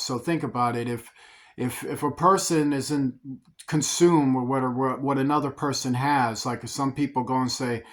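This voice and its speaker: A man's voice: mid-range voice, steady tone, moderate pace. A man preaching an informal sermon on the commandments, explaining them conversationally with frequent restarts. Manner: conversational, repeats words when restarting. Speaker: preacher teaching scripture.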